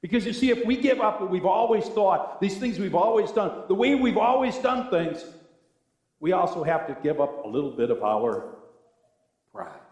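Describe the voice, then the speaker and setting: An older man preaching a sermon as pastor, talking in a conversational, wry and sometimes sarcastic way. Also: moderate pace. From American South. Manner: conversational, wry and sarcastic, with animated swings of pitch. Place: church sanctuary. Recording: echoey church sanctuary.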